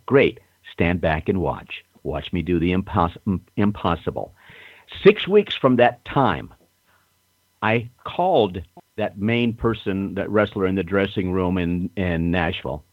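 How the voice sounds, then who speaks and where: An older man telling stories in a casual interview, self-assured and animated, acting out other people's lines. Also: fairly low pitch, dry recording. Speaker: guest storyteller. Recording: muffled phone-line audio.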